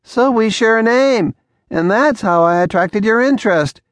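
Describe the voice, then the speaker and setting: A male narrator voicing a playful, sharp-tongued young woman in an audiobook, with quick, teasing comebacks. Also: sits high, lively intonation, no echo, voice pushed up.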